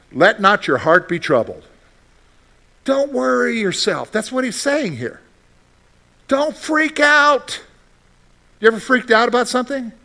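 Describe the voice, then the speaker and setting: A man's voice: high-pitched, a bit bright. A male pastor preaching a sermon in a conversational way, asking the listeners questions and reading from scripture. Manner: conversational, asks the congregation questions.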